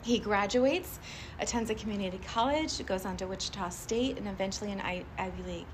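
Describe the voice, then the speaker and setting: A woman giving a live motivational talk to a group, animated and chatty, often laughing and asking the audience questions. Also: mid-range voice, a little fast, background noise. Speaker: motivational speaker addressing a group.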